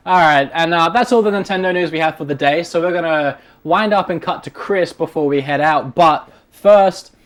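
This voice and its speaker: A man's voice: on the high side, moderate pace, hardly any pauses. A man hosting a casual gaming news chat, steering the talk with questions. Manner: relaxed, leads the discussion with questions. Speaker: show host.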